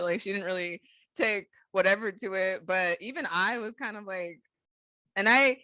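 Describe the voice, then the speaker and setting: A woman's voice: mid-range voice, moderate pace, no echo. A woman co-hosting a podcast, telling a story in casual chat, laughing often and acting out other people's lines. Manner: animated, laughs often, acts out quotes. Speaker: podcast co-host.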